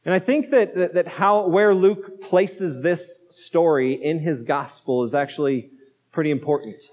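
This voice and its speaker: High-voiced preaching man, reverberant hall. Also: unhurried, darkish tone. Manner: conversational preaching with rhetorical questions. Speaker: pastor. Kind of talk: sermon. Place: church sanctuary. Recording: dull lo-fi sound with long reverb.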